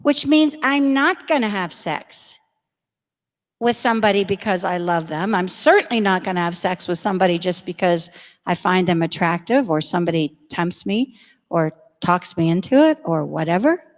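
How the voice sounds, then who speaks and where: A woman's voice: on the low side, animated, normal speed. Middle-aged lady talking to confirmation kids in a big church, direct storyteller, long echo. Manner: direct, storytelling, addresses the crowd. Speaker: religious education speaker. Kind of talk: talk to confirmation students. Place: large church. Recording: reverberant church hall.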